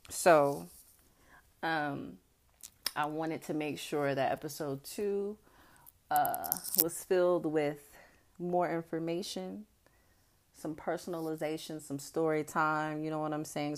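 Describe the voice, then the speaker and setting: Brash young woman host, casual storytelling, gravelly fry throughout. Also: extremely low pitch. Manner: blunt, profane and boastful. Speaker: podcast host.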